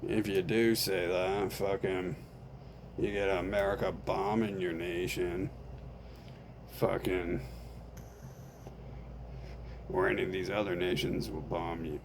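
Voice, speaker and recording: A man's voice: low-pitched, flat delivery, takes it slowly, long pauses, background noise. A man delivering a rambling, profane, conspiratorial monologue straight to the camera.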